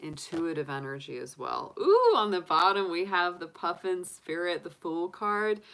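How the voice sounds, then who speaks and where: A woman reads tarot cards in a relaxed, chatty livestream. She talks in an upbeat way and fills her sentences with ums and you-knows. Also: on the low side, moderate pace, poor audio. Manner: chatty, upbeat, filler-heavy. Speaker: tarot reader. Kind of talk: casual livestream reading.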